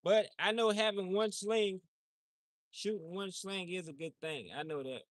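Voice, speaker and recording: A man's voice: sits high, steady tone, a little slow, no room sound, studio quality. A man livestreaming outdoors, talking in a loose, rambling, slangy way and often repeating himself. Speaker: livestream host. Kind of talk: casual rambling chat.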